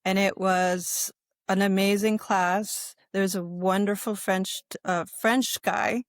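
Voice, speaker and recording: A middle-aged American woman, a yoga instructor and podcast guest, telling her personal story in a casual, animated way and acting out what other people said. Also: mid-range voice, slow pace, dry recording. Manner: animated, acts out quoted people in livelier voices.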